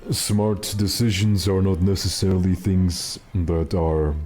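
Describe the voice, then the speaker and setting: A man with a very low, mellow voice chats through a live game stream. He rambles wryly and pokes fun at himself between plays, and faint game music runs quietly behind him. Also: fairly even intonation, unhurried. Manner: chatty, wry, self-mocking asides. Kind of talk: casual live gameplay commentary.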